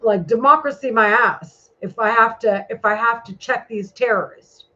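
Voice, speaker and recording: A woman's voice: a little high, normal speed, sharp tone. A woman talking in a casual vlog monologue, rambling and heated, with a lot of swearing. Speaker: vlogger. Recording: muffled lo-fi recording.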